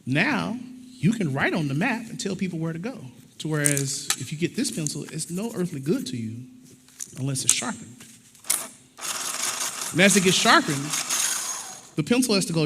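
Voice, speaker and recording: Folksy preacher in a reverberant church. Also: male voice, on the high side, lively intonation, moderate pace, pauses often, fairly bright tone. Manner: folksy, acts out little dialogues. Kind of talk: conversational sermon with props. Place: church sanctuary. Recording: long hall reverb, faint noise.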